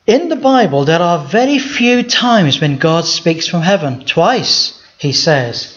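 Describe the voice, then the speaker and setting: A man's voice: high-pitched, sing-song, a little slow, fairly bright tone. A male pastor giving an emphatic Bible teaching sermon, asking the congregation rhetorical questions. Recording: dull lo-fi recording.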